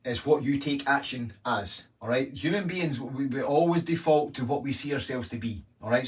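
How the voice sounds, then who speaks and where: A Scottish man coaching live, talking in a blunt, energetic way and swearing freely. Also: mid-range voice, distant mic. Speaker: weight-loss coach. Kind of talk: live-streamed coaching talk.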